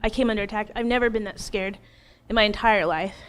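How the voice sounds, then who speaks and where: As a guest on an interview, a thirtysomething woman tells her personal story with earnest animation. She talks quickly in a clean, mid-range voice and laughs from time to time between lines.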